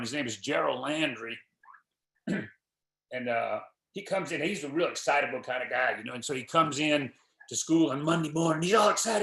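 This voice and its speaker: A man's voice: fairly high pitch, vocal fry. A middle-aged man, giving a folksy motivational talk to an audience and acting out quotes. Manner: folksy, animated storytelling with acted quotes. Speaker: guest speaker. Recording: echoey hall.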